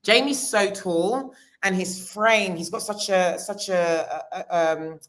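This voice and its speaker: A woman's voice: medium pitch, slow, fairly bright tone. A woman, a costume designer talking casually in an interview, with many restarts. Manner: chatty, many restarts and fillers.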